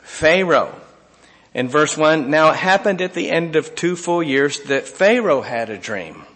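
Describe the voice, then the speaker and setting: A man preaching a sermon, reading scripture aloud and swinging from emphatic lines to hushed asides. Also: fairly high pitch, expressive, a little slow, in a large hall. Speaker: pastor.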